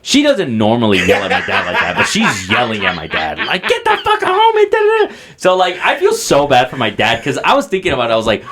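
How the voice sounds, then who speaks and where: A man's voice: medium pitch, fast talker, hardly any pauses, crowd noise. A man co-hosting a podcast, telling a family story in casual chat, swearing freely and acting out what people said. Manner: profane, animated, acts out quoted voices. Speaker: podcast co-host.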